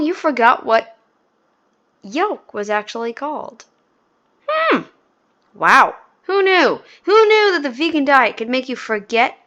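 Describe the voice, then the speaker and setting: A woman reacts to a clip in casual, mocking commentary. Her voice sits a little high, and she talks at an unhurried, drawn-out pace, full of sarcasm. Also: fairly bright tone, highs cut off. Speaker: reaction video host.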